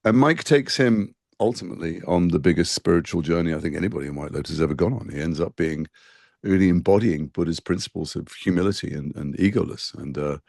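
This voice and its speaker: Fast-talking gravelly low-voiced man. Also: darkish tone, no room sound, studio quality. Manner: talks fast with frequent restarts and fillers. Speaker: actor interviewed as guest. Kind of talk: conversational interview.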